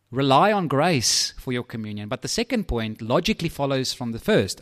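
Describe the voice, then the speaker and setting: A man preaching a sermon in a lively, conversational way, with asides to his listeners. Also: medium pitch.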